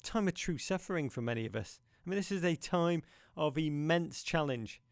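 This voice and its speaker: A man's voice: on the high side, animated, normal speed, dry recording, studio quality. A man hosting a podcast, talking in a theatrical, impassioned and playful way. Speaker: podcast host. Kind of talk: podcast monologue.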